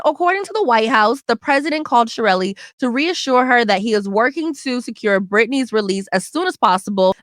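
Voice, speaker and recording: A woman's voice: a little high, fairly bright tone, dry recording. A woman hosting her own show from a studio, giving casual news commentary in a chatty, slangy way, with asides to the listeners. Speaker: podcast host. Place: recording studio.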